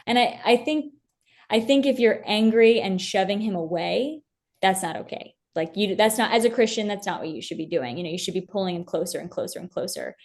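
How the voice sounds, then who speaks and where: A woman's voice: medium pitch, lively intonation, brisk, a little mellow. A young woman as an interview guest, talking earnestly and from the heart about her faith, with many fillers and restarts. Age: young adult.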